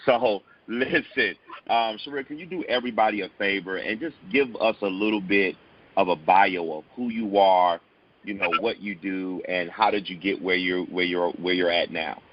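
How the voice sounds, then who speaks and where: A man's voice: deep voice, normal speed, highs cut off. A man hosting an interview show, welcoming and upbeat, sometimes stumbling and repeating his words. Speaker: host.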